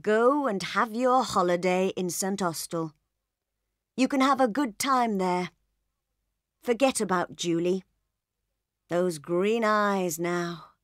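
A woman reading aloud and voicing a calm, worldly older man giving advice to a stranger. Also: mid-range voice, takes it slowly, pauses often, no room sound, studio quality, lightly acted. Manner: calm, advising. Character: calm older male traveller, worldly and unhurried.

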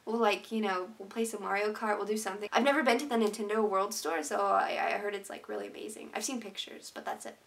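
A woman's voice: mid-range voice, fast talker, vocal fry, few pauses. A young woman vlogging to her viewers, emotional and sincere, talking openly with lots of "like" and restarts. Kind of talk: heartfelt casual vlog to viewers.

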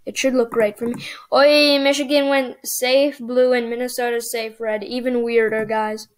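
A woman hosting casual gameplay commentary, thinking aloud and getting excited as the results come in. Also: on the high side, moderate pace. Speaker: gaming channel host.

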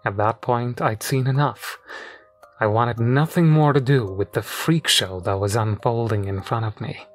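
A man narrating a horror story in a measured, deadpan way. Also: medium pitch, soft background music.

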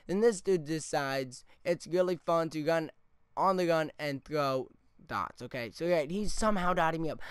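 A man's voice: fairly high pitch, clean tone, no room sound, clean studio sound. A man ranting through gameplay commentary with heavy swearing, often tagging his points with "okay?". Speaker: gaming YouTuber. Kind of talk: angry gameplay rant commentary.

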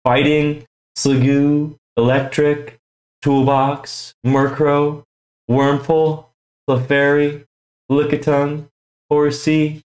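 Young male vlogger, excitable and slangy, slightly high voice, room echo. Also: very slow. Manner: excitable, slangy, says "yo" a lot. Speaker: YouTube card-opening host. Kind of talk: casual unboxing vlog.

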